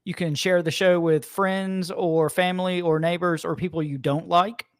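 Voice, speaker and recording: A man's voice: high-pitched, fairly even intonation, moderate pace. A man co-hosting a casual podcast, making dry, wry quips. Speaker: podcast co-host. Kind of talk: casual comedic chat.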